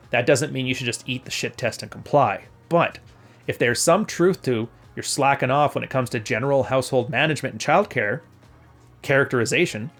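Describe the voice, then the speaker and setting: Blunt podcast host, male, mid-pitched, salty talk, light music bed. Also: fairly bright tone. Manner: blunt and profane, mock-quoting others. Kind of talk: casual advice commentary.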